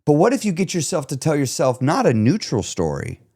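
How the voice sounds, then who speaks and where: A man who is a weight loss coach, talking in a casual solo podcast monologue, animated and emphatic, with some swearing. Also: a little high, brisk.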